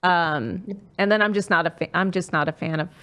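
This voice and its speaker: A middle-aged woman hosts a relaxed podcast, chatting freely with her co-host. Her voice sits a bit low, and she keeps up a loose, rambling flow full of fillers and restarts. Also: brisk, clean tone. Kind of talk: casual podcast chat.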